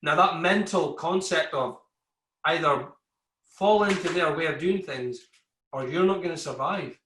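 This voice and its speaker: A man's voice: on the high side, unhurried, fairly bright tone. A man, an army veteran, telling his story in a candid podcast conversation, acting out exchanges with coworkers. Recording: echoey room.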